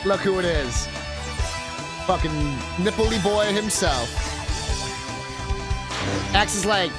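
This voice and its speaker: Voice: medium pitch, animated, takes it slowly, pauses often, loud music behind the voice. A streamer giving casual, crude, joking commentary while watching game videos.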